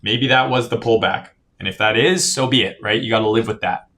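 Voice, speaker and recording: Streaming crypto chart analysis in a loose, foul-mouthed way, a tired man yawns, reads out viewer comments, and frequently adds "right?". His voice is on the low side, a little fast, bright, and forceful.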